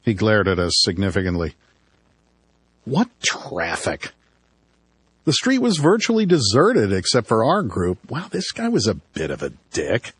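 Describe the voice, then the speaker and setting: A man's voice: lowish voice, wildly swooping pitch, moderate pace, hardly any pauses, husky, no room sound. A man narrating a first-person audiobook with dry, wry storytelling.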